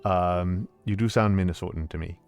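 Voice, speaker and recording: A man's voice: deep voice, normal speed, gravelly, soft background music. A man streaming a game and chatting with his viewers, with many ums and uhs and frequent restarts. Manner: hesitant, filler-heavy, warm greetings to chat. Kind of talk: casual stream chat.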